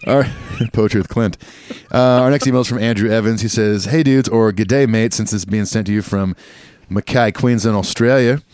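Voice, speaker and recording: A man's voice: fairly low pitch, steady tone, fairly quick, a little mellow, no room sound. A man co-hosting a podcast in casual chat, reading listener emails aloud with easy laughs. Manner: laughing, slips into a jokey Australian put-on. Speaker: podcast co-host.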